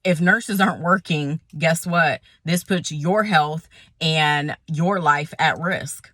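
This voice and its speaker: A woman's voice: sits low, takes it slowly, a bit bright, dry recording, clean studio sound. A woman nurse giving a frustrated, emphatic vlog rant, repeating points for emphasis. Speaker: nurse vlogger.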